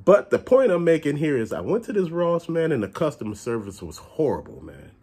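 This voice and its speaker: A man's voice: on the high side, a little fast, husky. A man ranting casually and bluntly to his viewers about a bad store visit, cursing often and talking directly to them. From Chicago area. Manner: animated, blunt, curses often. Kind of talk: casual profane rant.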